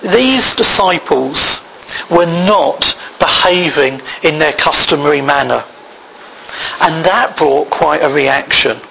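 A man preaching a sermon, reading scripture aloud in a measured way. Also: a little high, lively intonation, sharp tone, a little hiss or hum, low-quality recording. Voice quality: gravelly.

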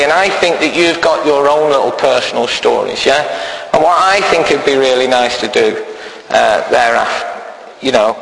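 A man's voice: mid-range voice, creaky, fairly bright tone. A man giving an informal sermon in a church, chatty and peppering his talk with "yeah?" questions. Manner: chatty, keeps adding "yeah?" tag questions. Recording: echoey church hall with long reverb.

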